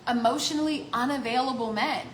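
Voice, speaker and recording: A woman life coach talking casually to the camera, animated, acting out voices in the quotes she gives. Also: fairly high pitch, fairly quick, reverberant, slight background noise, poor audio. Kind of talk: casual vlog talk.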